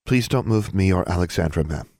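A man's voice: low-pitched, lively intonation, brisk, creaky, darkish tone, dry recording, studio quality. A man voicing a timid, tearful young teenage schoolgirl with a small, shaky, pleading voice in a storybook reading.

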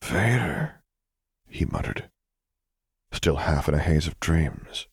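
A man calmly narrating a fan fiction audiobook. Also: extremely low pitch, a little slow, breathy edge, no echo, clean studio sound. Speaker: audiobook reader.

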